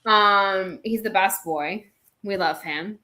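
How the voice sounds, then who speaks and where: A woman co-hosting a casual chat show, talking in a gushing, animated way. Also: medium pitch, takes it slowly. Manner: gushing and animated, frequent laughs. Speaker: co-host.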